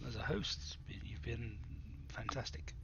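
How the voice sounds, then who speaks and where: A courteous, formal adventurer who speaks slowly in a gravelly half-whisper, as a man puts him on. The sound is dull and lo-fi. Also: lowish voice, fairly bright tone, a little hiss or hum, heavily acted. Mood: grateful.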